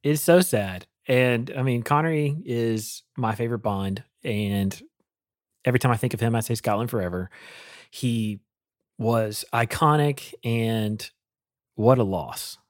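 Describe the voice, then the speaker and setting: A man's voice: mid-range voice, a little slow, dry recording, clean studio sound. A man co-hosting a casual talk show, light and self-deprecating. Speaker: podcast co-host. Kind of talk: casual chat.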